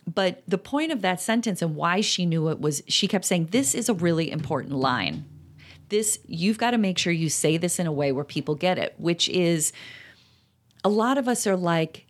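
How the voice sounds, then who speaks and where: A middle-aged woman co-hosting a parenting talk, speaking emphatically and jumping up in pitch on key points. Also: expressive, moderate pace. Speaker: podcast co-host, parenting author. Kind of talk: casual conversational chat.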